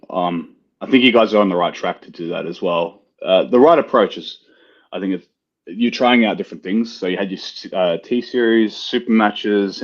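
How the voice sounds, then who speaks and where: A laid-back Australian man talks in a lowish voice as a podcast guest, easygoing and swearing freely. His sound comes through dull and lo-fi, lacking its top end. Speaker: guest arm wrestler. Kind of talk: casual chat.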